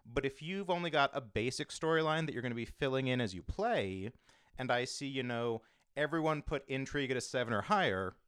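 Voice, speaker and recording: A man hosting a casual roundtable chat about tabletop games, explaining things briskly. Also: mid-range voice, lively intonation, a bit bright, clean tone, dry recording, studio quality. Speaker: podcast host and game master.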